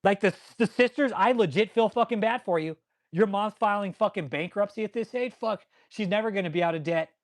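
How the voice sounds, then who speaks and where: A man hosting his own channel, ranting angrily and swearing nonstop, pausing to answer viewers in the live chat. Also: high-pitched. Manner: angry, swears constantly. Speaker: channel host. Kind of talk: profane ranting commentary with live chat replies.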